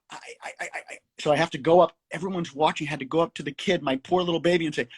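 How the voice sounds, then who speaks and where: A man's voice: on the high side, rapid-fire, slightly rough. A middle-aged man, a comedy writer, telling a story in casual chat on a video call, acting out quotes and laughing along.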